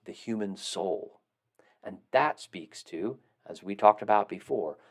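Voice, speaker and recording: Low male teacher voice, explanatory lecture delivery, rhetorical questions. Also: darkish tone. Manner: explanatory, asks questions and answers them. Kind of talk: recorded classroom lecture.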